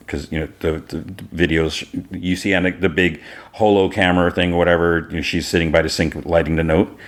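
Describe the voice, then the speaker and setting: A man with a low voice hosts a podcast and recaps an episode casually. He rambles and fills his talk with loose asides. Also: flat delivery, brisk. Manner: rambling, loose, full of fillers. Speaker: podcast host.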